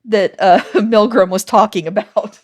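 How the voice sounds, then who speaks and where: A woman's voice: mid-range voice, fairly even intonation, a little slow, a little mellow. A woman hosting a podcast, explaining things in casual chat and laughing often. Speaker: podcast host.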